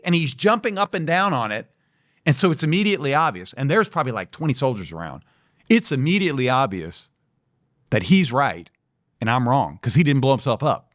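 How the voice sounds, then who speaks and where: A man co-hosting a podcast, telling a personal story in a lively, animated way. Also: medium pitch, normal speed. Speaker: podcast co-host. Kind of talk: storytelling in casual chat.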